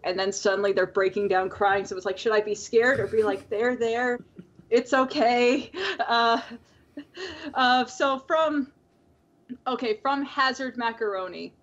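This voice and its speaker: A woman's voice: a little high, expressive, moderate pace, a bit bright. A woman co-hosting a podcast in casual chat, rambling with lots of fillers and frequent laughs. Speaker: podcast co-host. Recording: dull lo-fi call audio.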